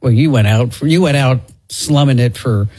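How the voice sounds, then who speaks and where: A woman's voice: a bass voice, moderate pace, mellow, slight background noise. A woman hosting a tech radio show, chatting casually and upbeat, laughing often. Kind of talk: casual on-air banter.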